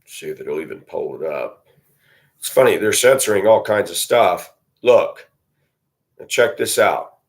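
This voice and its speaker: A man's voice: low voice, lively intonation, a little slow, long pauses. Indignant profane ranting man. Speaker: vlogger. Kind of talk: angry monologue to camera. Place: at a computer.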